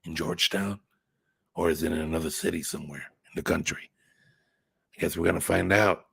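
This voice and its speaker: A man's voice: low voice, fairly even intonation, a little fast, creaky, fairly bright tone, slightly rough, no room sound. A man hosting a casual livestream, chatting with viewers in a rambling way, swearing now and then and thinking aloud. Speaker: channel host reading live chat.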